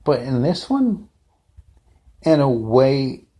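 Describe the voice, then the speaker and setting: A man talks through a fan review at an unhurried, slow pace, in a mid-range voice. He rambles off the cuff, trailing into asides and restarting his sentences as he goes. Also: medium pitch, big pitch swings, mellow. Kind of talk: casual unscripted review.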